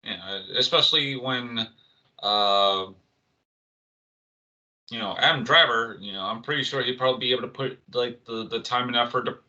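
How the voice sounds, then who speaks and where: A man's voice: medium pitch, moderate pace, long pauses, sharp tone, highs cut off. A man co-hosting an entertainment podcast, talking casually with lots of restarts and fillers. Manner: rambling, many restarts and fillers. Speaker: co-host.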